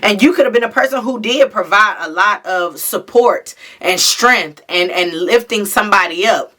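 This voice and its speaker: A woman with a mid-range, sharp-toned voice gives a relaxed tarot reading directly to the viewer at a moderate pace. She doesn't soften anything and swears freely.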